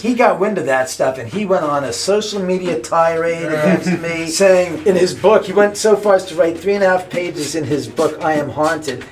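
Guy telling a wild story, kinda high voice, acts out everyone, swears a lot. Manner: acts out quoted people, swears freely. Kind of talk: animated storytelling.

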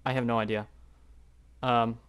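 A young man talks through a geography guessing game at his desk mic, his voice sitting at an ordinary middle pitch. He rambles and second-guesses himself, trailing into fillers as he thinks aloud. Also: little pitch movement, moderate pace, smooth. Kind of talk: live gameplay commentary.

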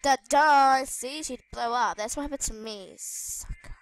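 A woman giving live gameplay commentary on her gaming channel, excitable, squealing and shrieking at danger, with chatty asides to viewers. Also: high voice, unhurried, no echo.

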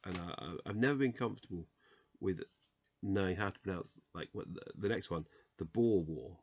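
A man's voice: sits low, darkish tone, slightly rough, dull audio. A man reading dictionary entries aloud late at night, sounding tired, stumbling over pronunciations and muttering self-corrections. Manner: reads words in a halting, self-correcting way with muttered asides. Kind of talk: casual solo reading vlog.

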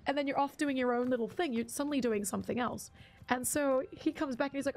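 A game streamer with a fairly high, fast voice chats casually while she plays, rambling through stories and laughing often on her live stream.

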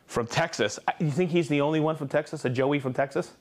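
A man with a high voice hosts a live stream and rattles off viewers' names and hometowns. He is upbeat and jokey, and he trips over the tricky names as he goes. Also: quick pace. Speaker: host of a live tool stream. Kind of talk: reading out viewer shout-outs.

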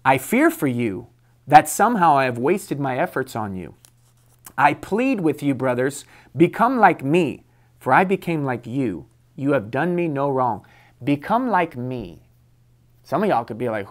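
A man's voice: mid-range voice, sing-song, normal speed. A male pastor delivering a devotional sermon, reading scripture aloud and speaking emphatically, sometimes laughing at his own stories. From United States.

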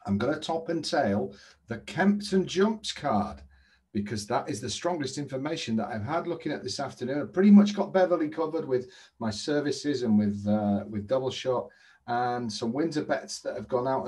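A man hosting a daily horse racing tips update from an indoor trading room, brisk and salesy, chatty between tips. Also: mid-range voice, expressive, darkish tone.

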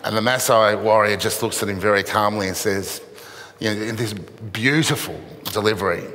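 A middle-aged man, a charity chief, telling stories in a keynote speech, halting and self-mocking. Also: fairly low pitch, pushed and bright. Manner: halting storytelling with dry self-mocking humor. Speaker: charity CEO, event speaker. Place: event venue with an audience. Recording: echoey event hall reverb.

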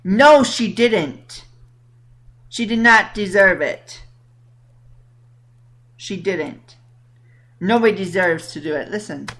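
A woman's voice: mid-range voice, lively intonation, takes it slowly, pauses often, a bit bright. A woman hosting a casual talk show, reacting indignantly and reading out comments. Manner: indignant, exclaiming, reads comments aloud. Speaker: podcast host.

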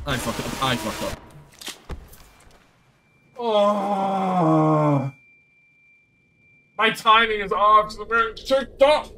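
A man's voice: high voice, sing-song, slow, pauses often, pushed and bright, a little hiss or hum. A young man giving rambling, exasperated live commentary while he streams a game and talks to his chat.

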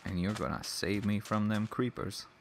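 A man's voice: fairly low pitch, fairly even intonation, moderate pace, gravelly, slight background noise. A man giving casual let's play commentary, chatting to the animals in his game with mock-angry outbursts. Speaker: gamer.

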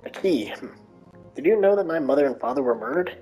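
A woman's voice: low-pitched, sing-song, brisk, dark tone, highs cut off, soft background music. A woman voicing a frightened young girl who speaks in an anxious, pleading manner.

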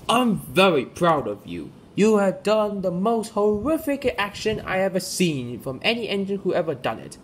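A man putting on a stout railway boss in a homemade toy-train story, stiff and formal as he hands out praise. The voice swoops up and down lively, a man's voice above the usual pitch, with a faint hiss behind it. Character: bossy stout male railway controller, proud and praising.

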